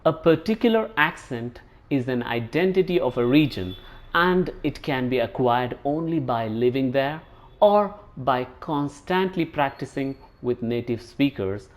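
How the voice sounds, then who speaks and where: A man with an Indian English accent teaching a pronunciation lesson, explaining points and demonstrating sounds slowly. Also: medium pitch, expressive. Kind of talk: scripted lesson narration.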